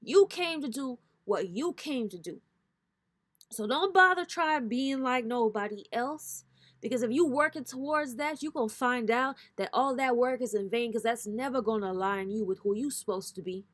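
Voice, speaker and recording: Woman, spiritual reader, blunt, swears freely, preacher-like rhythm, slightly high voice, dry sound. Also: normal speed, dry recording. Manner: blunt, profane, preacher-like cadence. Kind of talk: casual spiritual pep talk to viewers.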